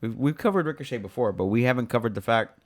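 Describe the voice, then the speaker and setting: A man's voice: medium pitch, lively intonation, fast. A young man co-hosting a podcast, talking bluntly in casual chat and swearing freely. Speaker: podcast co-host.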